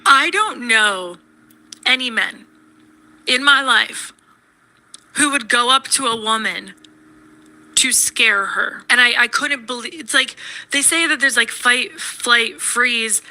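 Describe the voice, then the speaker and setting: Woman, storytelling, snarky and breathless, very bright tone, slightly high voice. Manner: fast, breathless retelling full of "like"s; snarky, shaken. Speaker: storyteller in a played video. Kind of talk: personal storytelling.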